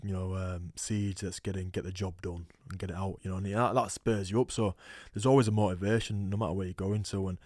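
A young man, a rugby player guest telling animated stories in a casual podcast chat. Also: low voice, fairly quick, hardly any pauses, no echo, studio quality. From England. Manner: storytelling, animated quoting, laughs often. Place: podcast studio.

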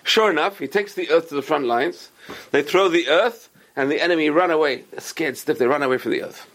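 A man's voice: fairly high pitch, fairly quick. A man telling a religious story with a moral lesson, acting out the characters' lines. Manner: animated, acts out characters' lines.

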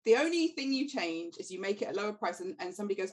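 A woman's voice: mid-range voice, very animated, racing. A woman hosting a podcast, responding emphatically and laying out her reasoning. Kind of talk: casual podcast conversation.

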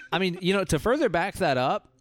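A man's voice: high voice, very animated, normal speed, no echo. A man co-hosting a podcast, chatting casually about a film, joking and swearing freely. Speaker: podcast co-host. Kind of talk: casual movie discussion.

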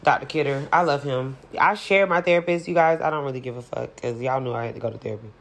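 Low-voiced chatty woman podcast host. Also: quick pace, a bit bright. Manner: chatty and playful, laughs often, swears casually. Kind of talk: casual solo podcast chat.

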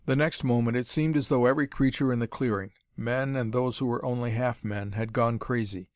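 A man reading an adventure story aloud as narrator, in a measured, dramatic manner. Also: mid-range voice, steady tone, dry recording, clean studio sound. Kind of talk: audiobook reading of pulp adventure fiction.

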